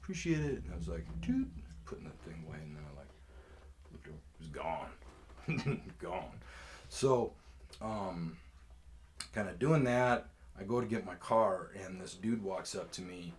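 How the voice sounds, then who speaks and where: Low-voiced rambling man telling stories. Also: lively intonation, measured pace, pauses often. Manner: rambling, profane, laid-back. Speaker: storyteller. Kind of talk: casual storytime.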